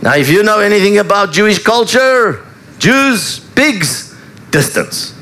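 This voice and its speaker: A man preaching a sermon, retelling a story in an animated storytelling manner. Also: high voice, measured pace. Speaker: pastor.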